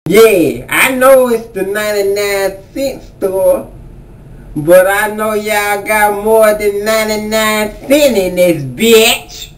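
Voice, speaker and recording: A man's voice: very high voice, a little slow. A man doing a comedic rant as a vlogger, exasperated and full of profanity.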